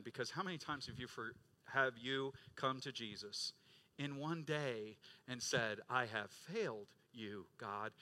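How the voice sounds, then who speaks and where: A middle-aged male pastor preaching a sermon, rising to loud emphatic peaks and dropping to quiet low stretches, acting out quoted voices. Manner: acts out quoted voices of congregants and Jesus.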